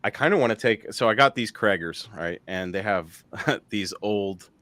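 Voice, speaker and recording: Male host, low voice, loose rambling chat, laughs often. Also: animated, normal speed, fairly bright tone, no room sound. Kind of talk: casual live-stream chat.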